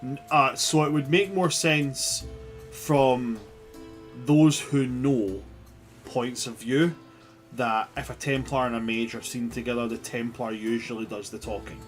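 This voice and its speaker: A man running a tabletop game as game master, narrating the scene with lively, joking delivery. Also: mid-range voice, a little slow, faint music behind. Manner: animated, laughs at his own jokes.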